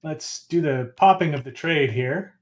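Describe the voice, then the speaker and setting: A man with a fairly high voice chats casually at the game table. He haggles over trades hesitantly, filling pauses with ums while he works out the math aloud. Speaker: board game player.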